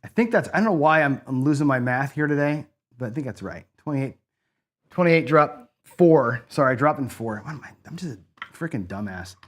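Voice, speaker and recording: Animated and a little fast, a medium-pitched man hosts casual gambling commentary in a casino craps video. He talks through his bet math, corrects himself, and chats to the viewers.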